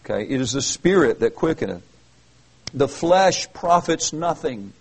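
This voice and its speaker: A man's voice: on the high side, lively intonation, measured pace, slightly rough, poor audio. A man preaching an expository sermon, reading verses aloud and explaining them earnestly with emphatic, repeated phrases. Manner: earnest, emphatic, with frequent restarts. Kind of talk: expository Bible teaching.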